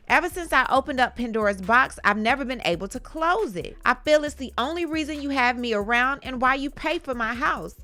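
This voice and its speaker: A woman hosting a commentary channel, briskly reading court testimony aloud with short reaction asides. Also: high-pitched, expressive, bright, forceful tone.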